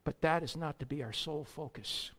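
A preacher delivering a sermon, emphatic, swinging between loud declamation and quiet asides, with sarcastic jabs and rhetorical questions. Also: mid-range voice, fairly quick, long reverb tail.

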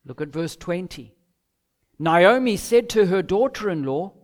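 A man preaching an expository sermon, measured, with emphatic pauses and acted-out quotes. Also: high voice, lively intonation. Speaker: pastor.

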